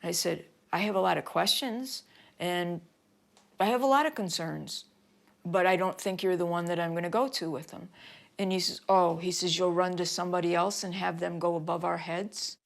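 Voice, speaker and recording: A woman's voice: fairly low pitch, fairly even intonation, normal speed, gravelly. A middle-aged American woman giving documentary interview testimony, recounting events in an earnest, distressed way. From United States. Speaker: interviewee, mother of a missing son. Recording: music bed under the voice.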